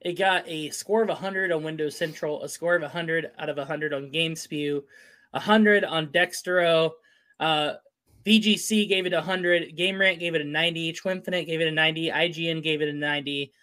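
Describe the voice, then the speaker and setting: A man's voice: on the high side, fairly even intonation, normal speed, bright, forceful tone. Upbeat man hosting a live talk stream. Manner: upbeat, runs through lists and stats. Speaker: host. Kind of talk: casual sports and gaming talk show.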